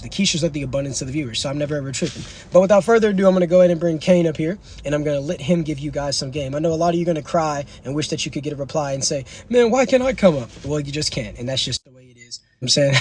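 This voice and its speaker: A man's voice: on the high side, a little hiss or hum. A man hosting a livestream, lecturing his viewers in a slangy, preachy way. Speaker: livestream host. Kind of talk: casual livestream talk.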